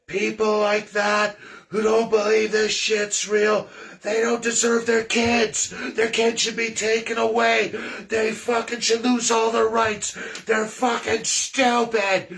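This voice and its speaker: A man putting on the voice of an enraged male radio host who yells and curses. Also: on the high side, monotone, takes it slowly, creaky, recorded from a distance, pitched above the performer's own voice, heavily acted. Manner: yelling, cursing rant.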